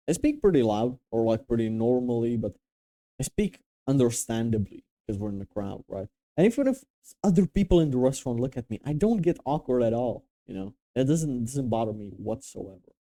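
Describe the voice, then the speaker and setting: A man's voice: mid-range voice, dark tone. A young man from Romania giving casual, blunt, profane advice with emphatic restarts. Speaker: dating and confidence coach.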